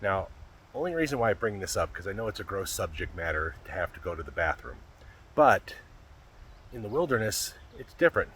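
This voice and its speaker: A middle-aged man with a somewhat low voice narrates his backpacking trip in a relaxed, folksy way, calling his viewers "folks." He's outdoors in the mountain woods, and a faint hiss of outdoor noise sits under his voice. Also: fairly quick. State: a little out of breath. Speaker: backpacking vlogger. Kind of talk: casual outdoor vlog narration.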